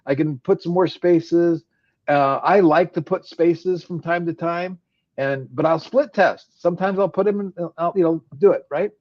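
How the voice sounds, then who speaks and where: A man with a somewhat high voice hosts a live webinar, casually narrating what he clicks. He talks in loose bursts with restarts. The sound is dull and lo-fi, like a video call. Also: unhurried. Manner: chatty, with restarts, narrating his screen. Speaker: webinar host. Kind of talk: live webinar screen-share demo.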